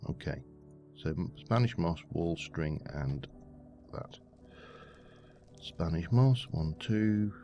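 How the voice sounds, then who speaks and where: A man's voice: low-pitched, lively intonation, takes it slowly, long pauses, dark tone. A man giving rambling, muttering commentary while playing a game. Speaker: let's play host. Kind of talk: casual gameplay commentary. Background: faint background music.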